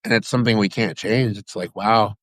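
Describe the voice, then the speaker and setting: A man from Sacramento, California, chatting as a guest, telling stories in an excitable, rambling way with frequent restarts. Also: on the low side, a little fast, no echo. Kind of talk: casual chat.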